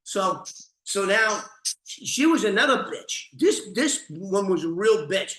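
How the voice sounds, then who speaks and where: A middle-aged man with a New York accent telling an old story, animated and swearing freely. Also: high voice, normal speed. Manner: animated, swearing, restarts, laughs. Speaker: storyteller, former informant. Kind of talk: casual storytelling to camera. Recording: echoey room.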